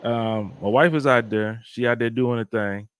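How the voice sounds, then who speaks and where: Halting, rambling man on a podcast. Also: medium pitch, fairly even intonation, clean tone. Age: adult married man. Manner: rambling, halting with many restarts. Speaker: podcast co-host. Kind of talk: casual chat.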